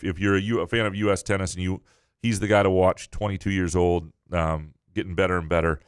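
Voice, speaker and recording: A deep-voiced man in his forties talks sports on a casual podcast as a sportswriter, weighing players with lots of "uh" and "you know" and laughing easily. The sound is close and dry, with no room echo. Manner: thoughtful analysis with many fillers, easy laughter.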